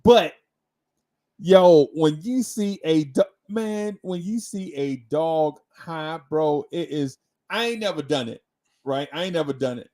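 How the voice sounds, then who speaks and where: A man co-hosting a casual talk show, telling a story in an animated way, laughing often and repeating his words. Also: a little high, measured pace. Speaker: co-host.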